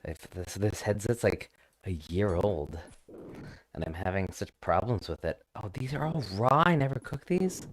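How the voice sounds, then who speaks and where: A man's voice: on the low side, lively intonation, moderate pace. Rambling streamer guy on a headset mic. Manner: rambling, swears casually, self-deprecating. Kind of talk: casual live-stream chat.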